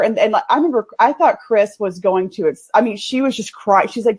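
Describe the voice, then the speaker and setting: A woman with a Texan accent tells a story with lots of laughter, her pitch swinging up and down. She sounds like a guest chatting casually on an interview show. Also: fast talker, few pauses, breathy edge. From Texas. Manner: animated storyteller, laughs a lot. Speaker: guest, agency owner.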